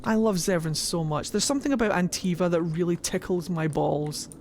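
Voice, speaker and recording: A woman streaming a video game, chatting excitably and swearing freely. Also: on the low side, brisk, slight background noise. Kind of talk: live gameplay commentary.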